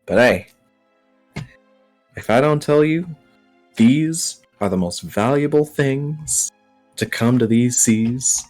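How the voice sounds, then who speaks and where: A man's voice: medium pitch, takes it slowly, pauses often, darkish tone, soft background music, voice pushed up, natural voice. A man voicing a brash, foul-mouthed female merchant who is new to the trade and chatty and salesy. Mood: pushy, grateful.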